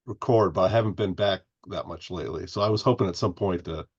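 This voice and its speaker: Deep-voiced man, dull lo-fi audio. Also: fast, slightly rough. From Indiana, US. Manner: rambling, restarts often. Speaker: podcast guest. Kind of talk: casual interview chat.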